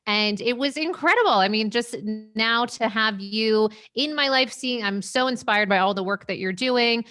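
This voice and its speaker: A woman's voice: a little high, normal speed, sharp tone. A woman guest on a podcast over a remote call, enthusiastic and effusive, often saying "yes" and "oh my goodness". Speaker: guest, sleep coach. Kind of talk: casual interview.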